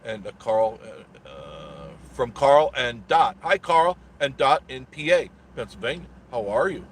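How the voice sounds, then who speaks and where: A man's voice: mid-range voice, big pitch swings, a little slow, slight background noise. A man hosting a casual live stream, telling a rambling story with a sarcastic edge and greeting viewers in the chat.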